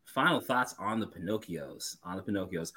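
A man's voice: deep voice, lively intonation, moderate pace, crowd noise. A man giving blunt, playfully stubborn opinions on films in casual chat. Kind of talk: casual film review chat.

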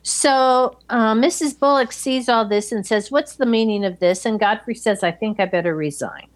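A woman's voice: fairly high pitch, moderate pace. A woman chatting casually, summarizing a film's plot step by step. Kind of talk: casual chat retelling a film.

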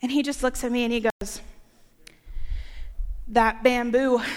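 High-voiced young woman preaching in a reverberant hall. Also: sharp tone. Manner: playful, joking asides. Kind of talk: sermon.

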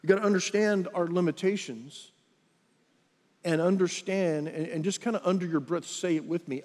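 Male pastor, sermon delivery, slightly higher voice, conversational, long hall reverb. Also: moderate pace. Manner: conversational, with lively acted quotes.

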